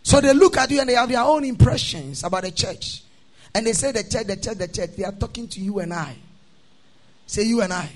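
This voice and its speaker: A man preaching a sermon, chanting his lines in a sing-song cadence, calling the congregation to repeat after him, then dropping into a quieter teaching tone. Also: very high voice, animated, a little fast. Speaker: pastor.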